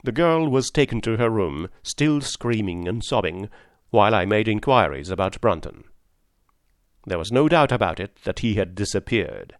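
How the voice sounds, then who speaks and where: A man narrating a story aloud in a measured, formal manner. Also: fairly low pitch, expressive, no room sound, clean studio sound. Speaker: audiobook narrator. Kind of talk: scripted narration.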